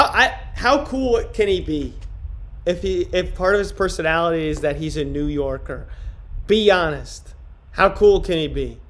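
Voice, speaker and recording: A man from upstate New York bantering brashly with his live-stream chat, joking and swearing casually. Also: fairly high pitch. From Rochester, New York, USA.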